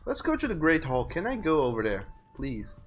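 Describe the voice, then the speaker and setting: A man's voice: a little high, wildly swooping pitch, normal speed, faint music behind. A man streaming a video game live, giving casual, joking commentary. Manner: joking, chatty. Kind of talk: casual let's-play commentary.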